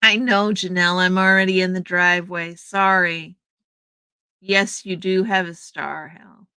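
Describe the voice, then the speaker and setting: A woman's voice: fairly low pitch, fairly even intonation, a little slow, sharp tone, clear, resonant tone, no echo. A woman hosting a live stream, chatting casually and greeting her viewers by name as she answers their comments. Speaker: livestream host. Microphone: streaming setup microphone.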